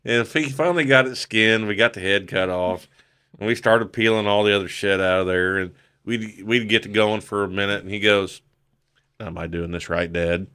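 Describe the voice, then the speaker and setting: A man's voice: lowish voice, brisk, clear, resonant tone. A middle-aged man telling a story casually on a podcast, swearing freely and acting out the voices of the people in it. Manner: profane, animated, acts out quoted voices. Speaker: podcast guest.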